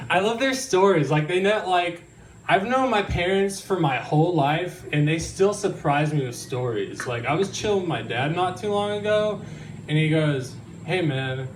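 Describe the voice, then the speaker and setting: Giggly young man doing stand-up. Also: on the high side. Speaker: stand-up comedian. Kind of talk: stand-up set. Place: live comedy venue, audience in room. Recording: roomy live recording from a distance, crowd noise.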